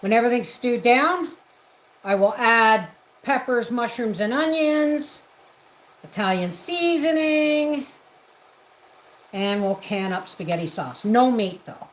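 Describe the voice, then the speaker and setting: A woman with a rather high, animated voice talks slowly and pauses at length as she cooks on a homestead livestream. Broadcasting from her home kitchen, she chats casually and greets viewers by name. The recording is rough.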